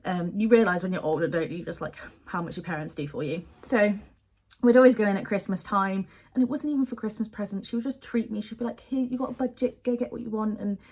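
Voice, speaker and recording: A woman's voice: mid-range voice, fast talker, a little mellow. A young woman, chatting casually and gushing to camera about beauty products she misses. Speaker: beauty vlogger.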